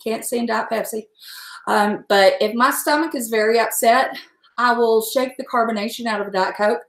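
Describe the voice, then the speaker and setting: A woman's voice: fairly high pitch, moderate pace, vocal fry. Chatty woman cooking in an echoey kitchen. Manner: chatty, rambling, frank and salty. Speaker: home cook livestreaming. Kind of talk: casual chat while cooking. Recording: echoey room.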